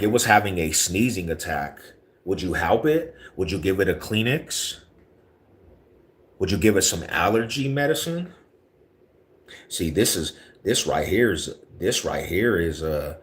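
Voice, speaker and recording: A man hosts a casual live stream. He chats in loose slang, answers viewer comments, and gets loud and heated on his rants. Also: low voice. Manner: laid-back slangy talk, rising to heated rants. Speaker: livestream host. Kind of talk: casual livestream chat reading viewer comments.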